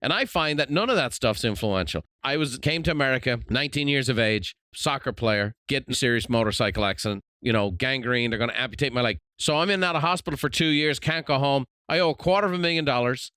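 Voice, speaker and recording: A man's voice: mid-range voice, animated, quick pace, few pauses, bright, forceful tone, no echo. Earnest man in his fifties hosting. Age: 50s. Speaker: podcast host. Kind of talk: conversational interview.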